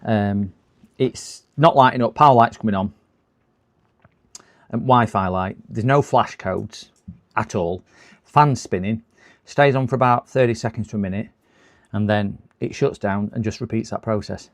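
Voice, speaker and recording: A man's voice: on the low side, moderate pace, pauses often. A man, chatting casually on a live stream while repairing computers, rambling and laughing to himself.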